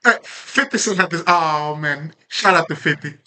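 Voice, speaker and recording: A man speaking off the cuff in a self-growth monologue, his voice bright and edged. He leans on rhetorical questions and casual swearing, sitting somewhat above the usual male pitch. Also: normal speed. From Haitian background.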